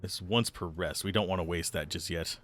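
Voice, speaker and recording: A man's voice: deep voice, fairly quick, fairly bright tone, faint music behind. A man streaming a role-playing game, chatting casually, reading the on-screen text aloud and calling out moves for his party. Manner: chatty, giving tactical calls to his party. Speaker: let's play streamer.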